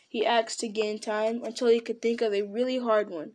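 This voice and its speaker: Woman, storybook narration, fairly high voice, measured, expressive. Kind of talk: storybook read-aloud.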